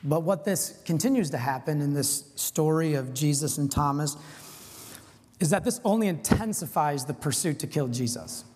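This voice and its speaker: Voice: mid-range voice, lively intonation, normal speed, darkish tone, husky. A preacher giving an informal, earnest sermon, with frequent casual asides. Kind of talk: conversational sermon. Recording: long hall reverb.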